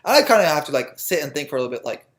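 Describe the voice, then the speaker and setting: Young dude podcasting, kinda high voice, rambly and sweary. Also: male voice, big pitch swings, very fast, fairly bright tone. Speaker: podcast co-host. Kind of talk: casual chat.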